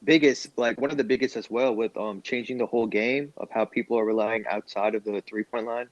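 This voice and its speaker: Young male moderator, lower voice, dry lo-fi recording. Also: fairly even intonation, fairly quick, dry recording. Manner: moderates, poses questions. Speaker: podcast co-host. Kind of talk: casual sports debate. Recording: dull, dry lo-fi mic.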